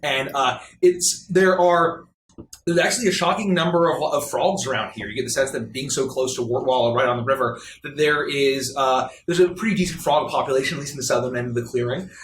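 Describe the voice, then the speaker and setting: A man's voice: mid-range voice, brisk, a bit bright. A man narrating as game master of a tabletop game, meandering and descriptive, good-humored. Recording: roomy echo, faint noise.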